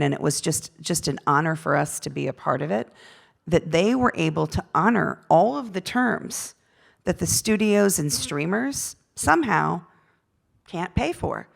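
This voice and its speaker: Gravelly low-voiced woman on a panel. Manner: earnest, searching for words with many fillers. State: gravelly from a late night. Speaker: union representative on a panel. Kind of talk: panel discussion. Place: festival talk stage.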